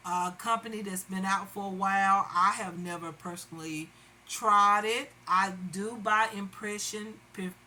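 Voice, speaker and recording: A woman's voice: medium pitch, steady tone, measured pace, bright, forceful tone, rough recording. A woman chatting casually to viewers while doing her makeup. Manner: chatty, addresses viewers as y'all. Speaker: beauty vlogger. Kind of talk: casual makeup tutorial chat.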